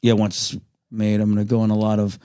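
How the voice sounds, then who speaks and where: A man's voice: fairly low pitch, completely flat delivery, fast, mellow, smooth. A tired male stand-up comedian in casual podcast banter. He spins playful absurd stories and laughs often. His voice is close on a studio mic.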